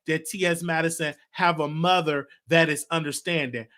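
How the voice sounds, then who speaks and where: A man's voice: on the high side, normal speed, hardly any pauses, pushed and bright. A young man with a Southern US accent hosting his own show, talking earnestly and from the heart, often repeating his phrases. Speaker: show host. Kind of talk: solo commentary vlog.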